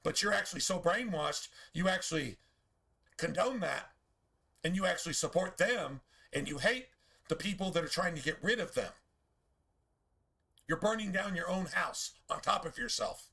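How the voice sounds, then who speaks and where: A man's voice: high-pitched, expressive, normal speed, sharp tone. A man streaming a game, talking in a casual, profane, preachy rant full of rhetorical questions.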